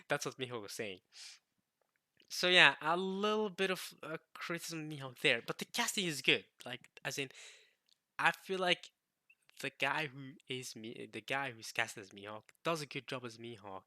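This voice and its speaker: A man's voice: medium pitch, normal speed, sharp tone, no room sound. A man vlogging, giving an emphatic, rambling opinion rant in casual talk. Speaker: anime vlogger.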